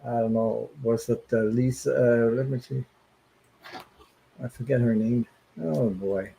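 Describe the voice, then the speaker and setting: A man's voice: medium pitch, steady tone, measured pace, gravelly, warm tone, poor audio. A man hosting a tarot livestream, chatting casually and rambling with many fillers, sounding tired.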